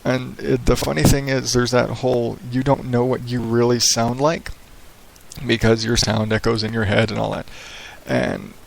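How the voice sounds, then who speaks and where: Podcast host, man, gravelly middle-pitched voice, loose rambling radio delivery on a headset mic, small echoey room. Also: fairly even intonation, moderate pace, a little hiss or hum. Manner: rambling, profane, laid-back radio-style delivery. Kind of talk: casual solo podcast monologue. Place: small echoey home office with hardwood floors. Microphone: headset microphone.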